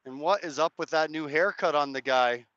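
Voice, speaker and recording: Man, hoarse live streamer, rambling and hedging, crisp bright tone, dry lo-fi sound. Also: on the high side, moderate pace, dry recording. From Canada. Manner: rambling, hedging, chats to viewers' comments. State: hoarse, cracked voice. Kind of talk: casual live-stream commentary. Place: outdoors at a street rally.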